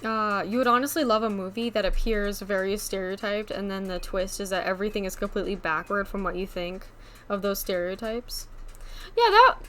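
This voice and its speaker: A woman streamer with a slight New England accent, chatting casually with her chat, rambling with lots of "like" and quick laughs. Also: mid-range voice, fairly bright tone, a little hiss or hum.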